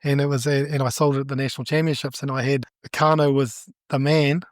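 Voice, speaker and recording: A middle-aged man with a New Zealand accent, a judo coach telling stories in a casual interview, animated and laughing as he acts out what people said. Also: medium pitch, fast, no echo, studio quality.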